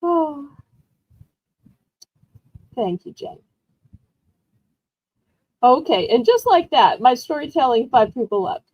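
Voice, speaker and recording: Woman, relaxed seller who chats as she goes, slightly high voice, dry close recording. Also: takes it slowly, pauses often, no room sound, lo-fi sound. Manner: chatty, rambling storyteller with frequent laughs. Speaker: live-stream auction host. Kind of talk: casual live-stream selling chat.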